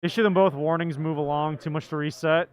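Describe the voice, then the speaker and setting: A man's voice: fairly high pitch, fairly even intonation, brisk, low-quality recording. A man casting a card game tournament live, chatty and often laughing. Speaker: tournament commentator.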